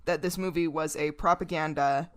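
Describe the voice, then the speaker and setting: Sarcastic woman podcast co-host, lowish voice. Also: fairly even intonation, moderate pace. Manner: sarcastic, swears casually. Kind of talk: casual podcast chat.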